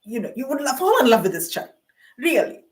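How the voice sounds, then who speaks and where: A middle-aged Canadian vlogger tells rambling, self-mocking personal stories, meandering through fillers, asides, and laughs. Her voice sits high and sing-song, and she talks briskly.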